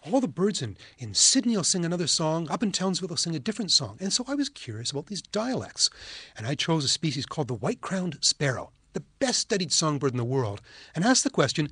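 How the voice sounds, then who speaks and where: Canadian man, animated and a touch high, dry close sound, keen storyteller guest. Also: fast, breathy edge, no echo. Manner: enthusiastic, storytelling. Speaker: ornithologist guest. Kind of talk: casual interview talk.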